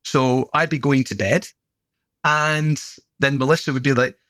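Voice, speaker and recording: A man's voice: medium pitch, steady tone, a little slow, fairly bright tone, no echo. A middle-aged British man and gym owner, telling stories in a chatty, good-humoured way as a podcast guest. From Britain. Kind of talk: casual anecdotal conversation.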